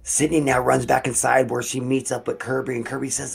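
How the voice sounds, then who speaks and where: A man's voice: mid-range voice, level tone, a little fast, gravelly, few pauses, soft background music. A man casually retelling a horror movie plot in long run-on sentences, swearing now and then. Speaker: storyteller.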